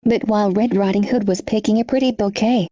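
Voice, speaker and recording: A woman reads a children's storybook aloud in a clear, even way. Her tone is mellow and the playback sounds a bit dull. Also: mid-range voice, a little fast. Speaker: audiobook narrator. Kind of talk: storybook narration.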